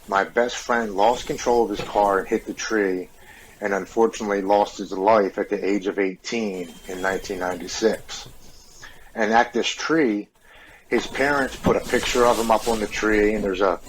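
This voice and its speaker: Man, forties, lowish pitch, earnest, confessional, repeats words. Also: slight background noise, rough recording. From United States. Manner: earnest, open, repeats words when moved. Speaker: podcast guest. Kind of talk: confessional personal storytelling.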